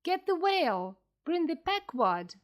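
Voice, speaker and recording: A woman voicing an old, bitter male sea captain who is obsessed with a whale, in a slowly read storybook for learners. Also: on the high side, lively intonation. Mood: shouting. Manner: weary and brooding, bursting into loud commands.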